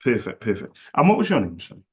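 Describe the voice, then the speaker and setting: A man's voice: on the low side, big pitch swings, fast, darkish tone, slightly rough, lo-fi sound. A man making a friendly cold sales call, chatty and jokey, making fun of himself. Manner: chatty, jokey and self-deprecating.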